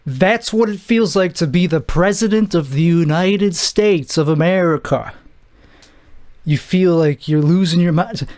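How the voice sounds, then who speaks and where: A young man with a high voice talks through a loose solo podcast monologue. He rambles and cuts himself off, poking fun at himself, and sounds out of breath. His delivery is halting, with restarts throughout. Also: a little mellow. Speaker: podcast host. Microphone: camera mic.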